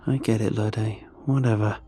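A woman's voice: very deep voice, fairly even intonation, normal speed, mellow, husky, faint music behind. A man voicing a curious young village woman in a first-person storybook reading, asking plain questions.

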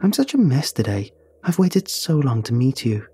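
A man's voice: medium pitch, sing-song, moderate pace, mellow, husky, pitched above the performer's own voice. A man voicing a giggly, coy, unhinged young woman in a horror story. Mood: giddy. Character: giggly, unsettling young woman with broken body.

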